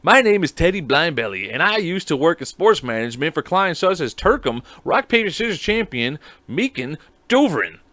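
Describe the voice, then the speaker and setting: A man voicing a fast-talking male salesman in a hard-sell parody ad, raised and punchy. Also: on the high side, big pitch swings, bright, forceful tone, no echo, pitched above the performer's own voice. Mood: salesy. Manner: hard-sell infomercial delivery.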